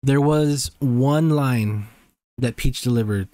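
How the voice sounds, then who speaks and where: A man with a mid-range voice co-hosts a podcast, speaking in an easygoing, meandering way that is full of pauses and restarts. The recording is dry and close, with no room sound. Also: medium pitch, mellow, dry recording. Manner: laid-back, rambling, drawn-out phrasing with hesitations. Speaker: podcast co-host. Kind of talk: casual chat.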